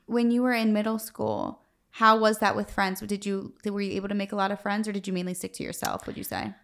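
A woman hosting an interview podcast, her voice heavy with a gravelly fry. She keeps to short "okay"s and "mm-hmm"s and now and then asks a follow-up question. The tone is relaxed and conversational. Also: mid-range voice, fairly quick. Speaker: podcast host. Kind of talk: casual interview.

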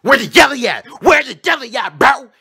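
A man voicing a pushy male bee that demands jelly, loud and in your face. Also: very high voice, very animated, normal speed, creaky, husky, voice pushed up, exaggerated voice.

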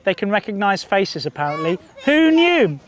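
Animated man telling stories to children. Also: high voice, moderate pace, slight background noise. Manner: animated, sing-song, coaxing audience to join in. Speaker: children's storyteller. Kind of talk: storytelling to children outdoors. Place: outdoors in a park.

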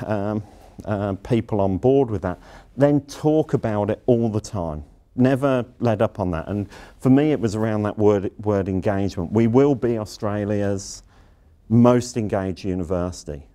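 A man's voice: fairly low pitch, warm tone. A middle-aged man giving a workplace lecture as a university leader, emphatic and blunt, repeating his key phrases.

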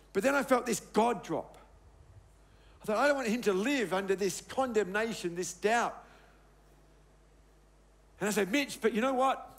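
A middle-aged male pastor delivers a sermon in a strikingly high voice. He tells stories from his own life and leans on emphasis, dropping to a quiet, low tone on his key points. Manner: emphatic, storytelling, dropping soft on key words.

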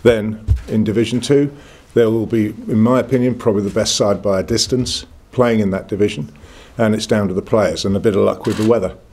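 A man's voice: lowish voice, steady tone, fairly quick, few pauses, darkish tone. A man in his sixties with a northern English accent, answering reporters at a press conference in a blunt, confident, plain-spoken way. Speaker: cricket club chairman.

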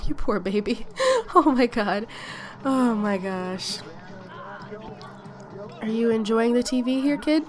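A woman hosting a casual let's-play video, chatty and often exclaiming as she talks to her game characters. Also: on the high side. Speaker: gaming video host.

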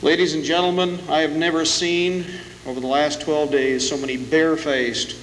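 Higher-voiced guy preaching hard at a rally, roomy echo, hissy tape. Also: little pitch movement, moderate pace. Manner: forceful, orating with dramatic emphasis. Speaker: keynote speaker. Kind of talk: fiery political speech. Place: conference hall with a live audience. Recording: echoey hall, hissy old tape.

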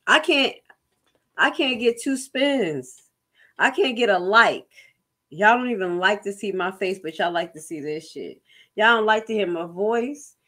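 A woman's voice: mid-range voice, animated, unhurried, sharp tone. A woman doing reaction commentary, blunt and profane, mocking what she watches with dramatic bursts of disgust. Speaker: commentary vlogger.

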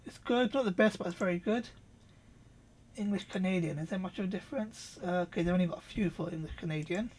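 A man reviewing software in a casual, off-the-cuff demo, thinking aloud with quick asides. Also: high voice, slight background noise. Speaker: product reviewer.

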